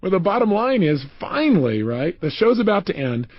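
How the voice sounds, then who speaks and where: Guy telling a story in a self-help talk, slightly high voice, husky, dull dry recording. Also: moderate pace, dry recording. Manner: animated storytelling, acting out quotes. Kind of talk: motivational audio program.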